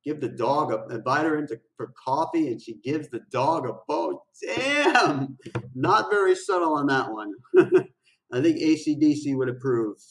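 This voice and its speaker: A man hosting a music reaction video, chatting casually in excited slang and often repeating his phrases. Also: mid-range voice, moderate pace, far from the mic, rough recording. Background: the song playing faintly.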